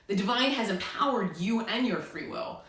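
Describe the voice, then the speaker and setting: A fairly bright, mid-range female voice with lively intonation moves at a normal speed through a heavily echoing room. The young American woman, a self-styled spiritual channel, urgently pleads to camera and keeps repeating herself to drive her points home.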